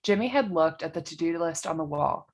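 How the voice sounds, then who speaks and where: A woman narrating a comedic story in a brisk, deadpan way. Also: sits low.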